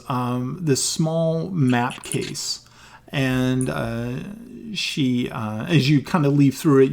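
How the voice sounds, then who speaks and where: A man's voice: fairly high pitch, vocal fry, a little mellow. A man narrating as game master in a hesitant way, with many fillers.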